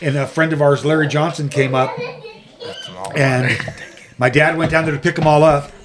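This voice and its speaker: A man's voice: a little high, fairly even intonation, normal speed, crowd noise. Laughing man in his fifties telling stories. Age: 50s. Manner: laughing storyteller, rambling. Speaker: podcast host. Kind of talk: casual podcast chat.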